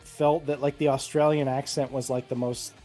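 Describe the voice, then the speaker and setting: A slightly drunk man in casual chat, rambling and profane, insisting loudly on his points. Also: medium pitch, little pitch movement, moderate pace, soft background music. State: tipsy. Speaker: podcast co-host.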